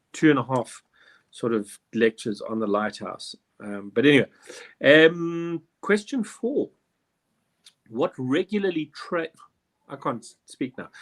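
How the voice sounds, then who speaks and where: Rambling, self-mocking quiz host. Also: male voice, medium pitch. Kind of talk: joking quiz banter.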